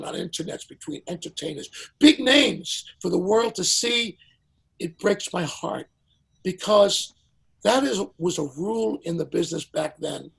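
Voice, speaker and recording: An older man, a veteran singer, telling a lively anecdote as a podcast guest and acting out the people in it. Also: high-pitched, vocal fry, husky, rough recording. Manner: lively storyteller who acts out the people in his stories. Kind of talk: animated anecdote in a podcast interview.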